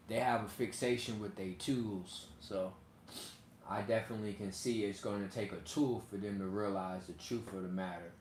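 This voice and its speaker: A man's voice: lowish voice, fairly bright tone. Rambling man in an echoey room. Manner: loose, rambling, laughs often. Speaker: channel host. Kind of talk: casual commentary to viewers. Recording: echoey room with faint noise.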